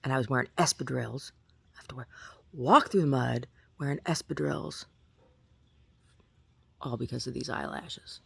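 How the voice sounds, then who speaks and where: A woman vlogger talking in a rambling, chatty way, often asking "right?" and at times jumping up into a high squeaky pitch. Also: moderate pace, creaky, pauses often, fairly bright tone, breathy edge. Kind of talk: casual rambling monologue.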